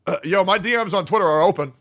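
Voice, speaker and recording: Bright-voiced joking male streamer. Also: fast. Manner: joking, profane, reads viewer comments aloud; swings between loud hype and low mumbling. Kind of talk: casual livestream reaction chat.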